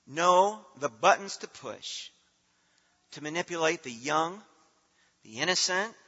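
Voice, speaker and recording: A middle-aged man preaching a sermon as pastor, earnest, his voice swelling loud and then dropping soft. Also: fairly high pitch, slightly rough. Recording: dull lo-fi sound in a reverberant hall.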